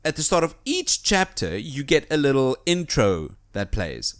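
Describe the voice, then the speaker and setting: A man's voice: medium pitch, measured pace. A man co-hosting a video game podcast in casual, enthusiastic chat. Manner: enthusiastic, animated storytelling. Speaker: podcast co-host.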